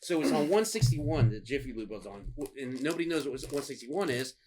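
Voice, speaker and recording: A man casually telling stories on a podcast, swearing freely, laughing and acting out quotes loudly. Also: medium pitch, expressive, a little fast, slight background noise. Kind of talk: casual storytelling chat.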